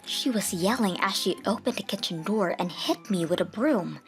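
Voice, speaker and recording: A woman narrating a manga dub, telling the story earnestly and turning hushed at tense moments. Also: medium pitch, lively intonation, normal speed, few pauses, soft background music.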